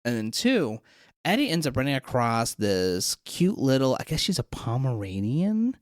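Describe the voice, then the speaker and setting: A podcast co-host casually recapping a TV episode, telling the story in an animated way and acting out the lines. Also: mid-range voice, moderate pace, no room sound, clean studio sound. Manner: animated storyteller, acts out quotes.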